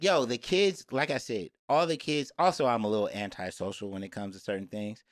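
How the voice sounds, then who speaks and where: A man co-hosting a podcast, telling stories in a rambling, animated casual chat. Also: on the low side, fairly quick. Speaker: podcast co-host.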